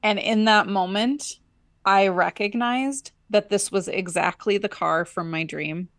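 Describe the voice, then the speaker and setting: A woman's voice: medium pitch, measured pace, no echo, studio quality. A woman co-hosting a podcast, telling a personal story in casual chat and acting out the voices in it. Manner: animated storyteller, acts out her own inner voice and dialogue. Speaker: podcast co-host.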